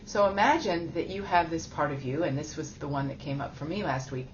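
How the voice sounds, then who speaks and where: A woman's voice: sits low, brisk, hardly any pauses, slight background noise. A woman giving a spiritual teaching talk in a chatty, self-deprecating way, laughing often. It sounds like a dull lo-fi recording.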